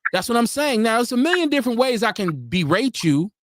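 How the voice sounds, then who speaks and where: A man's voice: extremely high pitch, fairly quick, no echo, studio quality. A man co-hosting a live talk stream, arguing his point hard and acting out quotes as he goes. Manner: animated, argumentative, acts out quotes. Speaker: podcast co-host. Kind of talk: heated casual debate. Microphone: remote stream.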